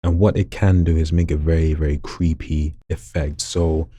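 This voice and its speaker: A man with a very deep, gravelly voice full of vocal fry, chatting casually and jokingly in a vlog while showing off voices at home late at night. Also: normal speed, no room sound, clean studio sound. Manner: relaxed, chatty, jokey asides. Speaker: hobby voice actor.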